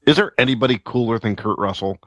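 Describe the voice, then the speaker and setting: A young man co-hosting a podcast, speaking in an emphatic, animated way. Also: mid-range voice, fast talker, no echo. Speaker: podcast co-host. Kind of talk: casual podcast chat.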